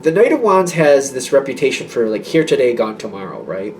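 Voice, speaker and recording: A man's voice: medium pitch, very animated, fairly quick, far from the mic, a little hiss or hum. A man giving a casual tarot reading to his viewers, rambling and reassuring, with many fillers and restarts. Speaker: tarot reader.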